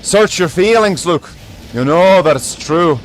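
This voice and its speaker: Darth Vader , as a streamer imitates him. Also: male voice, high-pitched, lively intonation, a little slow, a little hiss or hum, poor audio. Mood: menacing. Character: menacing armored male space villain.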